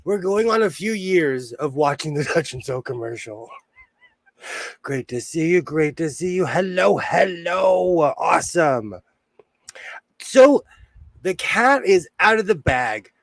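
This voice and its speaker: A man's voice: fairly high pitch, no room sound. A man hosting a sewing livestream in casual chat, jokey and laughing often as he greets viewers.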